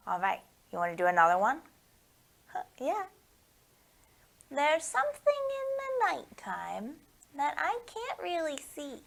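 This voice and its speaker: Woman librarian for kids' storytime: high, very lively sing-song voice, unhurried, a touch of gravel. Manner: sing-song, playful, coaxing questions to kids. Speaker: children's librarian hosting storytime. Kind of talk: storytime for young children.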